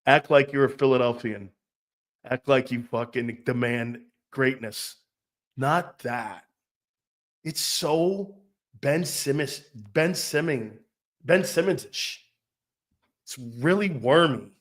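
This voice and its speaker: A man's voice: medium pitch, slow pace, long pauses. A man hosting sports talk radio, ranting in a brash, profane way and laughing between his jabs. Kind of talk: opinionated sports radio rant.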